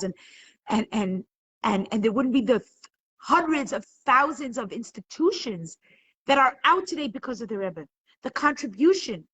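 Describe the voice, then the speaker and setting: A woman's voice: on the high side, sing-song, normal speed, fairly bright tone, slightly rough, poor audio. A woman leading a live online class, speaking with emotion and building to emphatic peaks, sometimes stumbling and repeating words when moved. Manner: impassioned, rising to emphatic peaks.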